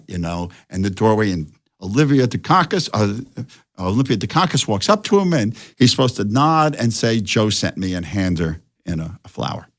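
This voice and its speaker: Older man, guest storyteller, swooping lively pitch, acts out quoted voices. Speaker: guest director. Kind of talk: animated anecdote telling.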